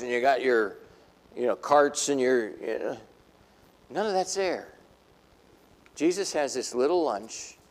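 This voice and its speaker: Pastor, male, gravelly voice, slightly high pitch, animated sermon storytelling, echoing church hall. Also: normal speed. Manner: animated storytelling, voicing biblical figures.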